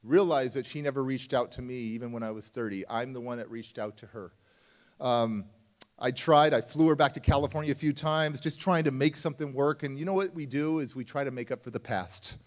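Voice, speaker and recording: A man's voice: medium pitch, fairly quick. Confiding male motivational speaker. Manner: conversational and confiding, swings between loud emphatic lines and quiet hushed ones. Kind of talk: live storytelling talk and audience Q&A. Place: summit talk before a live audience.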